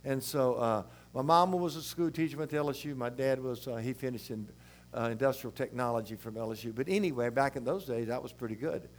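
An older man from South Louisiana with its accent, preaching a sermon in a rambling, folksy, animated way. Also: medium pitch, fast talker.

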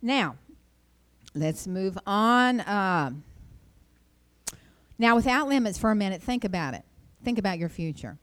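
Middle-aged woman, devotional talk, chatty storyteller, medium pitch. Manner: chatty, rambling storyteller, jumps up high when quoting herself. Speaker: Christian speaker. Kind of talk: informal devotional talk with personal stories.

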